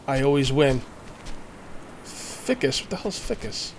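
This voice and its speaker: A man's voice: medium pitch, animated, slow, creaky, slight background noise. A man casually commenting while playing a survival game, thinking aloud and making jokey asides. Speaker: let's play gamer.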